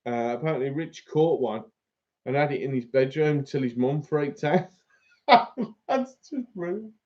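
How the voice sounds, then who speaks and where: A man's voice: a little high, expressive, moderate pace, mellow, muffled recording. A man hosting a fishing channel, chatting casually on a live stream, laughing often and reading out viewer comments.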